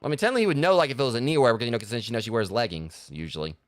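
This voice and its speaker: This man's mid-range voice is animated and racing as he streams a video game, chatting loosely with lots of fillers and restarts. The recording is studio quality, with no room sound at all.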